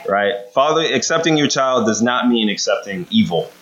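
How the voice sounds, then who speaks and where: A man's voice: medium pitch, animated, moderate pace, fairly bright tone. A man giving a conversational sermon, often checking in with the room by asking "right?". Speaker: preacher. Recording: dull lo-fi sound.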